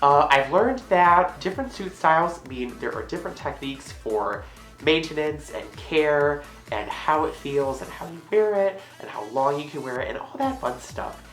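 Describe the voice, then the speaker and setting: A hyper, sassy woman rambling through a random comedic vlog, her low voice swinging wildly and jumping into shrill squeals. She sounds like she is in an echoey room with faint music behind her. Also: animated, moderate pace. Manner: hyper, sassy, bursts into loud squealed exclamations. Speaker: vlogger. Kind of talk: random comedic monologue to camera.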